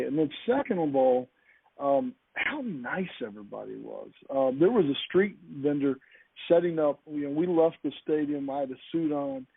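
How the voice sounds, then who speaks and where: A man's voice: mid-range voice, slightly rough, no echo. A man telling an anecdote with enthusiasm, often restarting his sentences, heard over a call. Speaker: podcast speaker. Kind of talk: animated anecdotal storytelling. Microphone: call line. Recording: tinny phone-like call audio.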